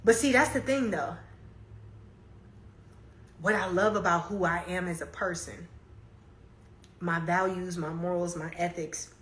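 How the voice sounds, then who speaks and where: A woman's voice: on the low side, reverberant. A young woman hosting a casual livestream, talking candidly and laughing often as she answers comments. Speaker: livestream host. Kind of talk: casual chat, reading comments. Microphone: phone.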